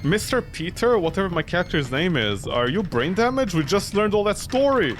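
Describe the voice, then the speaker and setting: A man's voice: high voice, big pitch swings, fairly quick, a little hiss or hum. A man streaming a horror game, rambling and joking as he talks back at it. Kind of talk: let's play commentary.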